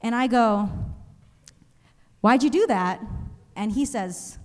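A young woman doing a stand-up comedy set, telling animated stories and acting out other people's voices. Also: on the high side, slow pace, pauses often. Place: comedy stage in a museum venue. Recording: live show in a reverberant hall.

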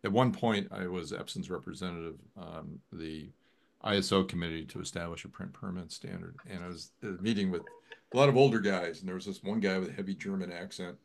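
A man chatting casually on a video call, an animated storyteller whose voice jumps up when he quotes others. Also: sits low, fairly quick, vocal fry. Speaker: guest photographer.

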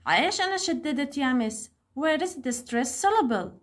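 A young woman teaching an English lesson to young pupils, speaking slowly and clearly and saying each word twice. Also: high voice, big pitch swings.

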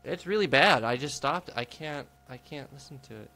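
A man's voice: medium pitch, expressive, moderate pace, creaky, pushed and bright. A man co-hosting a casual chat, exasperated and swearing often. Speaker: co-host.

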